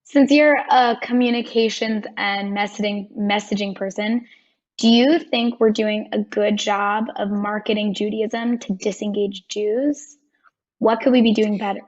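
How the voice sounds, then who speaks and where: A woman's voice: medium pitch, fairly even intonation, unhurried. A woman interviewer asking plain, direct questions. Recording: dull lo-fi audio.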